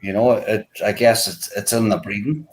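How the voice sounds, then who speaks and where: A man's voice: fairly low pitch, normal speed, soft background music, poor audio. A man chatting casually on a video call, rambling with many "you know" fillers. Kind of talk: casual chat.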